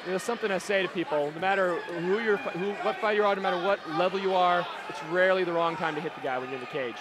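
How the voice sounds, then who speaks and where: A man's voice: sits high, fast talker, background noise. A man giving chatty, joking color commentary on a live cage fight, explaining technique as it happens. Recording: loud crowd and music around.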